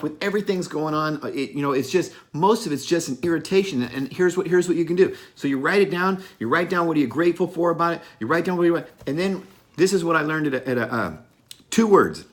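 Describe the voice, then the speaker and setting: A man's voice: on the high side, lively intonation, a little fast. A middle-aged man giving an unscripted motivational talk, blunt and profane, stressing his points and laughing at himself now and then. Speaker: motivational speaker.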